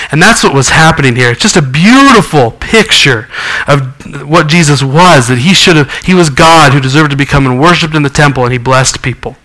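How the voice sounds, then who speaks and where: Male pastor, bright tense voice, somewhat high, earnest sermon delivery. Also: rough recording. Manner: earnest preaching with scripture reading and acted quotes.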